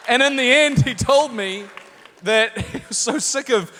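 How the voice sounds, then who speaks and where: Kiwi male guest on a con panel, higher voice, animated anecdote teller, echoey hall. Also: measured pace, some chatter behind. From New Zealand. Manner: animated storyteller, acts out voices. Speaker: guest actor on a convention panel. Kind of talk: live anecdote storytelling to an audience. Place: large convention hall. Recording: echoey convention hall, faint noise.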